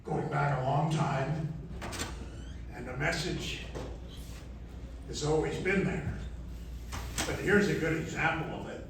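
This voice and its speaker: Slow, chuckling older man in an echoing hall. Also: a little high. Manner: slow, chuckling, self-deprecating. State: out of breath. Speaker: panel guest. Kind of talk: convention Q&A storytelling. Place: large convention hall. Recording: echoey hall, distant mic, noisy.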